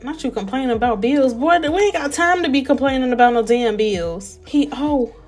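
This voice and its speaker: Young woman, casual gameplay commentary, lively and chatty, somewhat high-pitched, soft background music. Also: moderate pace. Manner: chatty, animated, talks to viewers as y'all. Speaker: gameplay narrator. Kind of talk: casual let's-play commentary.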